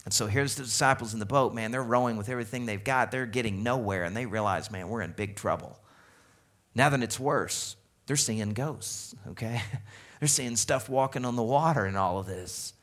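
A man preaching a sermon as a pastor, animated and conversational, asking the congregation questions as he goes. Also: mid-range voice, moderate pace.

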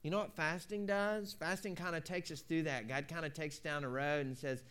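A man's voice: a little high, steady tone, brisk, fairly bright tone, clean tone. A man preaching a conversational sermon, telling stories in a folksy way and acting out both sides of a conversation. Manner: folksy, repeats "you know".

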